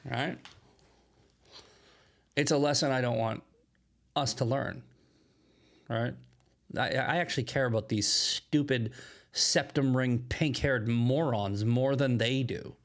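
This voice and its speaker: A man's voice: mid-range voice, slow, long pauses. A man hosting solo political commentary, emphatic and often asking "right?" as he restarts his phrases.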